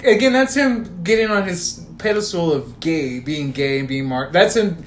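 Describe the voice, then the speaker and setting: Speaking at a moderate pace in a fairly high pitch, a young man co-hosting a podcast casually relates a story, cursing often and quoting text messages. It's casual conversation, captured with roomy echo and faint room noise.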